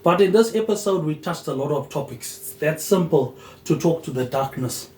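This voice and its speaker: A man hosting a solo podcast, rambling loosely with "um" pauses and dropping a low, quiet "mate" at the end of his phrases. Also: animated, reverberant, poor audio. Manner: drifting, loosely connected talk with "um" pauses. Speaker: podcast host.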